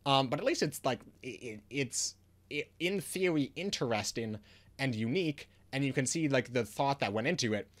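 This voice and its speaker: A man's voice: mid-range voice, lively intonation, normal speed. A man giving a casual video review of a card game, ranting in frustration with lots of restarts and fillers.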